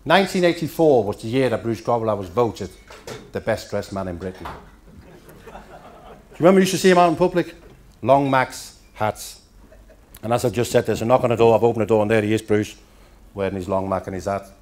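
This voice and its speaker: A man's voice: lowish voice, lively intonation, fairly quick, pauses often, a little mellow. A man in his fifties from Denmark, a Danish native speaker, telling after-dinner stories with dry punchlines at a hotel function room dinner.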